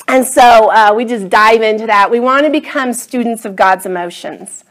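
A woman's voice: a little high, normal speed, few pauses. A middle-aged woman teaching a class Bible study, earnest and enthusiastic, often drawing her words out.

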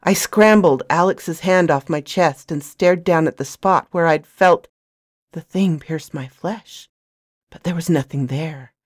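A woman with a low, expressive voice reads a novel aloud in the first person. She keeps a soft, hushed delivery and takes her time. The recording is dry and close to the mic. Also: measured pace, dry recording. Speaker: storyteller.

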